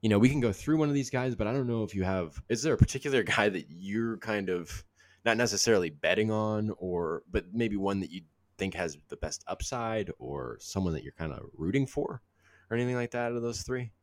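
Deep-voiced man chatting on a sports podcast. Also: a little fast. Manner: rambling, hedging with fillers. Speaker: podcast host. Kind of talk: casual sports podcast chat.

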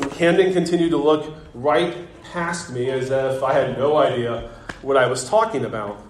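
A man in his thirties preaching a sermon as pastor, telling a family story in a relaxed, conversational way with gentle self-deprecating humor. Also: mid-range voice, normal speed, slight background noise. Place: church sanctuary. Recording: echoey church sanctuary.

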